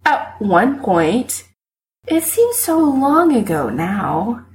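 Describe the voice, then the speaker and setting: A woman's voice: on the high side, sing-song, extremely slow, pitched above the performer's own voice, full character voice. A woman doing a drunk, cursing young man. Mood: drunk sulky. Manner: slurred cursing, dramatic outbursts. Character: drunk angry young man, petulant and self-pitying.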